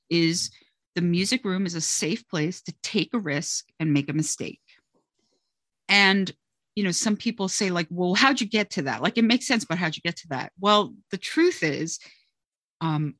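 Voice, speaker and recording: Music teacher lady talking on a podcast, kinda low voice, dry, tells stories with lots of "you know" and "like". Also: no room sound. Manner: expressive storyteller, frequent "you know" and "like". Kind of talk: conversational interview talk.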